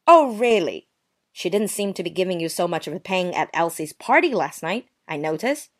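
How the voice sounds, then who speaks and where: Woman acting prim young woman, sarcastic, wounded politeness, lively swooping pitch. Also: normal speed. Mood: offended. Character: touchy young woman, prim and passive-aggressive. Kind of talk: dramatized short story reading.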